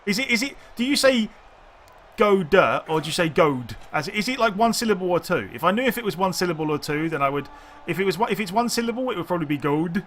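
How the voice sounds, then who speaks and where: This gamer talks with his audience while playing, musing aloud in meandering, stop-and-start sentences. He speaks at a racing clip in a high, expressive, somewhat bright voice over a faint hiss or hum.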